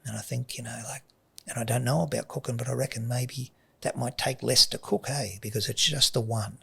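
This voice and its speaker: A middle-aged man, telling a personal story as a guest in a soft voice that often drops to a whisper. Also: mid-range voice, steady tone, brisk. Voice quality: gravelly and very raspy.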